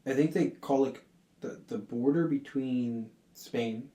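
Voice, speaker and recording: A man's voice: mid-range voice, slow, dark tone. A young man hosting a podcast, chatting casually and rambling with lots of filler words. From Southern California. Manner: rambling, fills with "like" and "you know". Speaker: podcast host. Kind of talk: casual chat. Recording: echoey room.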